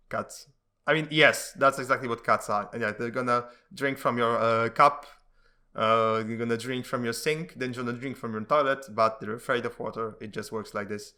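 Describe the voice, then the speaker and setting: A man casually reading comic strips aloud, giving the characters quick voices and breaking off into rambling, laughing commentary. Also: medium pitch, bright, forceful tone. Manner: reads dialogue with shifting voices, laughs often, rambling asides.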